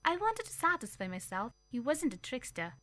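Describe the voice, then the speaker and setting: A woman reading a story aloud and voicing a proper, self-assured mother who speaks in a brisk, prim, commanding way. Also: sits high, big pitch swings, fairly bright tone, no echo, voice pushed up. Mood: self-satisfied.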